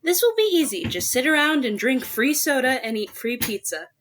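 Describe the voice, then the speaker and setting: A woman voicing a cocky young female night-shift worker, breezy and overconfident, in her own high voice. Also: big pitch swings, normal speed, a bit bright. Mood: smug.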